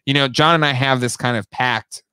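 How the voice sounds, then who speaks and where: A man co-hosting a toy podcast in casual chat, excitable and quick to laugh. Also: mid-range voice, clear, resonant tone, no echo, studio quality. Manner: excitable, animated, laughs often.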